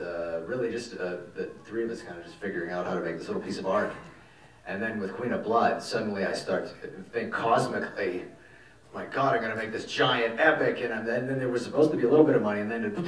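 Male director at a festival Q&A, low voice, animated and rambling, heard from afar in an echoey cinema. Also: fast. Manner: animated, rambling, swears casually. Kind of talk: festival Q&A storytelling. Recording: echoey hall, mic from far off.

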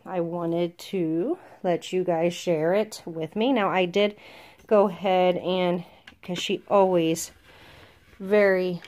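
A woman chatting casually to her viewers as she opens a gift box, soft-spoken and gushing, often stammering with excitement. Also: on the low side, slow pace. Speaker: vlogger opening a gift box. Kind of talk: casual unboxing chat to camera.

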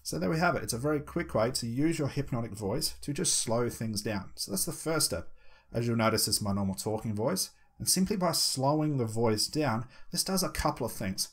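A man with a husky, slightly breathy voice gives a lesson on hypnosis. He speaks at an ordinary pitch and drops into a slow, measured delivery with deliberate pauses when he demonstrates a technique. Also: expressive. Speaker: hypnosis instructor. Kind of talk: instructional talk.

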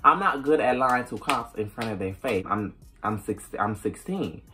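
A young adult woman telling a storytime straight to camera. She is animated and profane, and she slips into acted dialogue as she goes. Faint music plays quietly underneath. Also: very deep voice, moderate pace. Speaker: vlogger. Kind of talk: casual storytime.

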